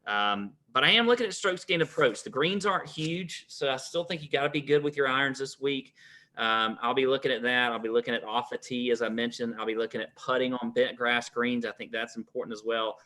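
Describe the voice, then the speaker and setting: A man's voice: mid-range voice, pushed and bright. A man co-hosting a golf betting show, rattling off course details in a casual way with plenty of fillers. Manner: rapid-fire stats rundown with many fillers. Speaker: co-host.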